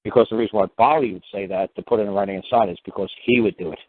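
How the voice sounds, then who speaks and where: A man's voice: lowish voice, fairly even intonation, very fast, no echo. A man hosting a call-in show, blunt, profane and lecturing as he answers callers. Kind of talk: call-in radio talk. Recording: dry, tinny phone-line sound.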